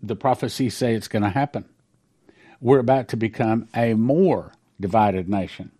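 A man's voice: on the low side, normal speed, mellow. Emphatic man commenting on prophecies. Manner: emphatic, preachy, stresses key numbers.

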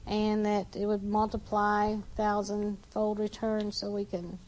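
A woman's voice: medium pitch, monotone, unhurried, poor audio. A woman from a church mission team chatting about trip photos in front of the congregation, with plenty of fillers. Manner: chatty, warm-hearted, with fillers. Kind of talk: casual talk presenting trip photos.

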